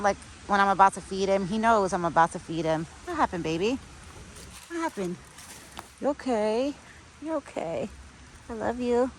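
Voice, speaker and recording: A young pregnant woman vlogging outdoors on a windy day, chatting casually with lots of "like" and a soft, affectionate way of talking. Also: on the low side, rough recording.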